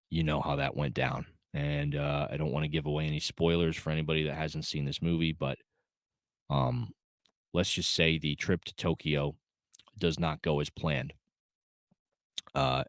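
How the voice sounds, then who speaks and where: A man with a very deep voice reviews a film casually, recorded in clean studio sound with no room echo. He rambles with many fillers and restarts, choked up and holding back tears.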